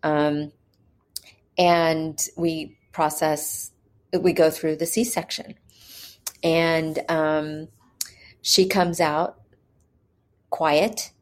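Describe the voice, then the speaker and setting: A woman recounting a hard personal experience, candid and earnest, pausing often with fillers as she talks. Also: low-pitched, fairly even intonation, a little mellow. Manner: hesitant, with frequent pauses and fillers. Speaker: mother telling her birth story. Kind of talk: personal storytelling.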